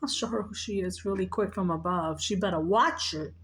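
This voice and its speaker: A woman's voice: mid-range voice, brisk, fairly bright tone, close to an everyday voice. Woman voicing her indignant late father. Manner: indignant, profane. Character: late older father speaking from beyond, indignant.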